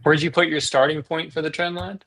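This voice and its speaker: Gravelly man calling out trades. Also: a little high, steady tone, a little fast, pushed and bright. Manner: calls out trades as they come in. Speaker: trading stream co-host. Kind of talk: casual market chat.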